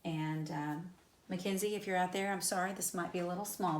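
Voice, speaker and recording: A woman's voice: fairly low pitch, a little fast, echoey room. A woman teaching an English class in a recorded lecture, explaining step by step with frequent fillers like "um" and "so.". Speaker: high school English teacher.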